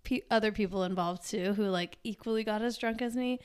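A woman's voice: medium pitch, brisk, a little mellow, clean tone. A young woman co-hosting a podcast, reacting bluntly and teasing her friend in casual chat. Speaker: podcast co-host.

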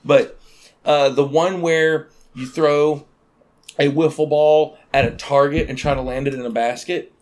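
A man telling a story in casual chat, acting out quotes with sudden loud outbursts. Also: a little high, fairly even intonation, unhurried.

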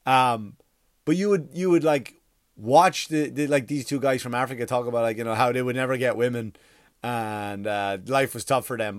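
A male comedian riffing in a loose, rambling monologue, peppering it with swearing and constant "like" and "you know". His voice sits in a middle register and sounds dry and close, with no room echo. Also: mid-range voice. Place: workspace across from a school.

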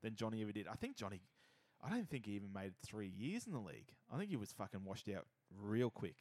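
A man's voice: fairly low pitch, sing-song, quick pace, a little mellow, dry recording. A man, chatting casually about sports as a podcast co-host, profane and rambling.

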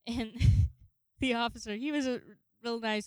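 A woman's voice: fairly high pitch, fairly even intonation, measured pace, darkish tone, clear, resonant tone, dry recording. A woman in her twenties telling a personal story in a rambling, profane way, laughing often. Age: 20s. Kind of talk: casual storytelling.

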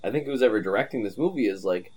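A young man co-hosting a podcast in casual chat, talking animatedly and slipping into quick impressions. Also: lowish voice. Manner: animated, drops into impressions and quotes while talking. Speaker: podcast co-host.

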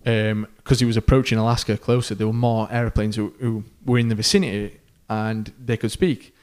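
A man's voice: fairly low pitch, a little fast, clean tone. A man co-hosting a podcast, telling a long story in a casual way and acting out the voices of the people in it. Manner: animated storyteller who acts out quoted voices, with fillers. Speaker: podcast co-host.

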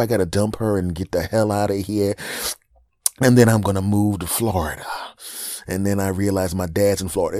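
A man's voice: fairly low pitch, steady tone, brisk, mellow, no room sound, studio quality. A man hosting a podcast, doing a rambling, self-deprecating comedic monologue.

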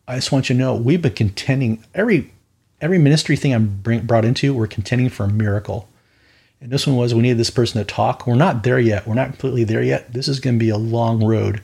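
Gravelly, husky man telling stories. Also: mid-range voice, darkish tone. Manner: rambling, with tangents and frequent "right?" tag questions; earnest, matter-of-fact about spiritual warfare. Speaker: minister and podcast host. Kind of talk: casual fireside storytelling.

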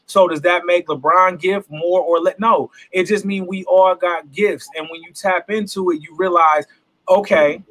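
Earnest high-voiced man, reflective. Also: steady tone, moderate pace, fairly bright tone. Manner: earnest, reflective, preaching-like emphasis. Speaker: independent hip hop artist, guest. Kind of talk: casual interview talk.

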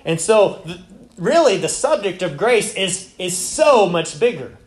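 A man's voice: high-pitched, sing-song, measured pace, roomy sound. A man preaching a sermon as pastor, talking in a loose, conversational way and turning to ask the congregation questions.

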